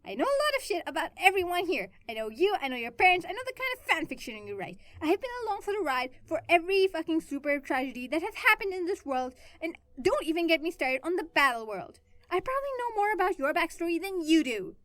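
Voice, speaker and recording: A woman's voice: a little fast, few pauses, a bit bright, dry recording. A woman reading fan fiction aloud, voicing a bitter, brash young female antihero who snaps and rants. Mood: angry ranting. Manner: shrill, ranting and snappish.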